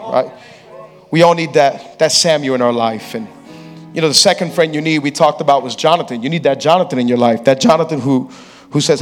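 A pastor preaching a sermon on a church stage, telling a story playfully and acting out the people in it. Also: male voice, fairly high pitch, fairly quick, pauses often, soft background music. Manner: lively, playful storyteller who acts out quotes.

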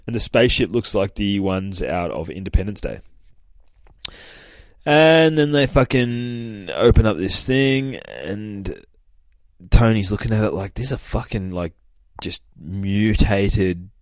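A man's voice: lowish voice, darkish tone, no room sound, studio quality. A man hosting a comic podcast, casually recapping an issue, swearing often and acting out the characters' lines. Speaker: comic book podcast host.

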